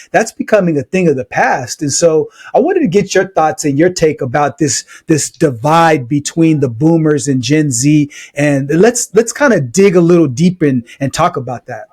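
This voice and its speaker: A male podcast host talks in a reflective, meandering way, leaning on fillers as he sets up a question. His voice is husky and sits a little higher than average for a man. His delivery stays conversational and unhurried. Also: darkish tone. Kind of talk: podcast discussion.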